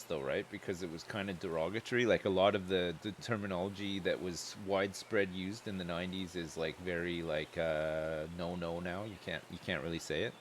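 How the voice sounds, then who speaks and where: A man's voice: low voice, fairly bright tone, slight background noise. A man chatting loosely and joking while livestreaming a game, rambling from one thought to the next. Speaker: streamer.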